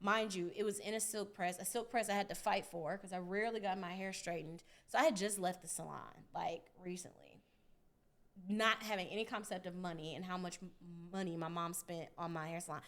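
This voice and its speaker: A young woman hosting a podcast, telling a story in a casual, animated, profane way, often laughing. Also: on the low side, a little fast. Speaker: podcast host.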